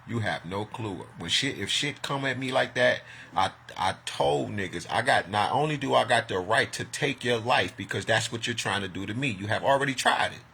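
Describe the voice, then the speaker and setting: A man's voice: fairly low pitch, expressive, normal speed, vocal fry, sharp tone. A man ranting to the camera in a vlog, agitated and profane, making accusations. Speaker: vlogger.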